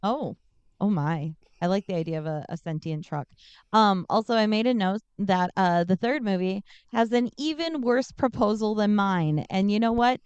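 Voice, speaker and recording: A woman co-hosting a podcast, chatting casually and telling stories in an animated way, with the odd swear word. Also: medium pitch, moderate pace, smooth, no echo, dull audio. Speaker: podcast co-host. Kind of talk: casual chat.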